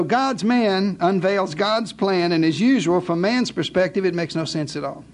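A theatrical male preacher with a high-pitched voice, spinning a scripture story into a lively sermon. He cracks jokes, then drops to a hush for dramatic effect. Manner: theatrical, wisecracking, shifts to hushed dramatic pauses.

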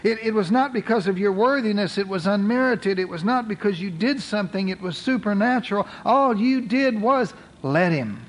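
A man with a notably high voice delivers an earnest sermon. He reads scripture slowly, leaning hard on single words, then presses his point to the congregation. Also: animated, poor audio. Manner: earnest preaching, slow emphatic scripture reading. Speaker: pastor.

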